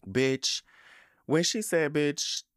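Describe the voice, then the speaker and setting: A young man hosting a podcast in casual chat, sassy and animated, swearing often and getting choked up. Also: lowish voice, normal speed, dry recording, clean studio sound. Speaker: podcast host.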